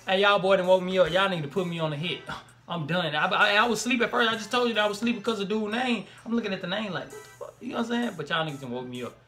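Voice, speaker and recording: A man's voice: high voice, rapid-fire, faint music behind. A young man hosting a reaction video, talking in loose slang, exclaiming and laughing as he comments. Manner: animated, slangy, exclaims and laughs between remarks.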